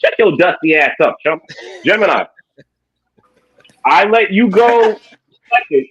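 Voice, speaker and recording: A man with a high voice delivers brash, taunting freestyle battle raps. The audio is dull and lo-fi, like a compressed live stream. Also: lively intonation, a little slow, a bit bright, husky. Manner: brash, taunting, trash-talking. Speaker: battle rapper. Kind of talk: freestyle battle rap and post-battle talk.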